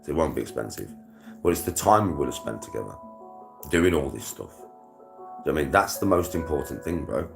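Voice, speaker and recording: A man's voice: very deep voice, big pitch swings, a little fast, creaky, pauses often, music in the background. A young British man chatting casually to his viewers, full of slang and swearing, laughing often. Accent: British English. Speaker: vlogger. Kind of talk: casual chat to a livestream.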